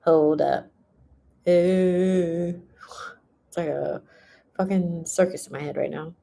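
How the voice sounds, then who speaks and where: Young woman tarot reader chatting live, lowish voice with some fry, laughs a lot. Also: fairly even intonation, takes it slowly, warm tone. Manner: laughs often, swears casually, drifts into humming. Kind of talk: casual livestream chat.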